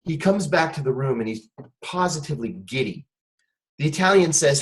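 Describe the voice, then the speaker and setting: A middle-aged man, a guest on a talk show, telling a wry, animated story in conversation. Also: on the high side, brisk, low-quality recording.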